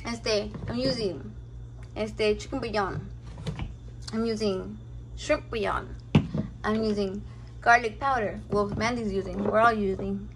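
Cooking at home, a young vlogger talks playfully in a mid-range, steady voice, a little slow and with frequent pauses. She swears a lot and switches between English and Spanish, and the kitchen recording is noisy.

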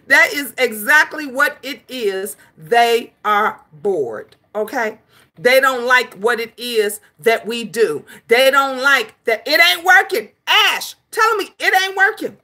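A woman chats with viewers on her own livestream, her voice high and bright. She is emphatic and animated and repeats herself for effect. She curses freely when she scolds trolls. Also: unhurried. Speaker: livestream host. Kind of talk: casual livestream chat, answering viewers.

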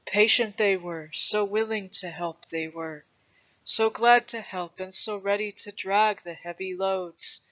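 A reader voicing an old grandfather who tells a legend to his grandson in a patient, gentle way. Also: mid-range voice, steady tone, a little slow. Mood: tender. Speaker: storyteller. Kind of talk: storybook reading. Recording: dull lo-fi recording.

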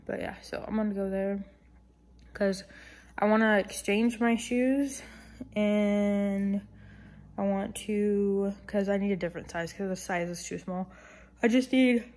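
A woman's voice: medium pitch, steady tone, measured pace, a little mellow. A woman chatting casually to a phone camera at home in a rambling vlog, with lots of fillers. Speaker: vlogger.

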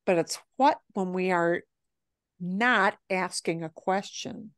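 A woman teaching a language class, explaining phrases patiently and modeling them slowly. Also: on the low side, clean tone, no room sound, studio quality. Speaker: Spanish teacher.

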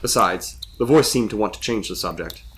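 A man reading a spooky story aloud in scripted narration, with expressive delivery. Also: fairly low pitch, a little fast.

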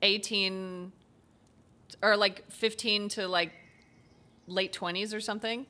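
A woman's voice: medium pitch, steady tone, slow pace, pushed and bright. A young woman streaming a story game, chatting casually and rambling goofily between laughs. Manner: giggly, rambling and goofy, often laughing. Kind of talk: casual gameplay commentary.

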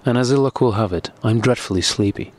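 A man's voice: medium pitch, quick pace, pitched above the performer's own voice, lightly acted. Man voicing a lightly mocking young wife.

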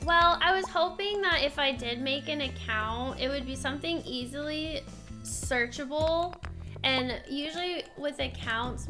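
A young woman with a high voice talks slowly and loosely while she streams a game, trailing off, restarting and thinking aloud. Game music plays clearly behind her. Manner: chatty, rambling, thinks aloud with many fillers. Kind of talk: casual chat while gaming.

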